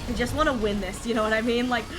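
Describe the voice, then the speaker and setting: A woman streaming a game who talks in a casual, chatty way, gets excited easily and repeats words over and over. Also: a little high, fast talker, over music. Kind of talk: casual live-stream chat while gaming.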